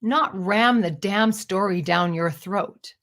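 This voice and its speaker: A woman's voice: mid-range voice, slow pace, fairly bright tone. A woman talks through a personal monologue with an earnest, searching tone. She questions herself as she goes, the way a stage storyteller would, and her voice sits in a middle register for a woman. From Canada. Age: 50s.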